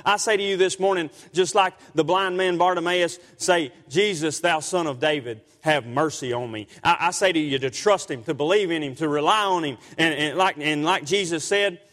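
A man's voice: high-pitched, fairly bright tone. A man preaching a sermon as pastor, repeating himself, stammering and asking rhetorical tag questions, with King James wording. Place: church sanctuary. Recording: long church hall reverb.

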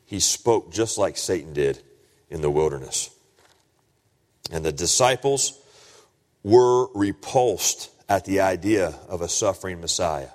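Guy preaching, dips low and quiet then gets loud and high, lots of pitch swing, echo of a big hall. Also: sing-song, slow pace, pauses often. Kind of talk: sermon. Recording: long reverb of a large hall.

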